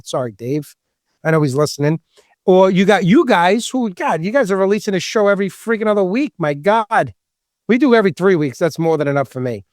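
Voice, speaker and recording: A man with a Long Island New York accent and a loud, distinctive voice, joking and chatting as a podcast host. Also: high voice, no room sound, clean studio sound. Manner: animated, joking, talkative. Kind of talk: casual podcast chat.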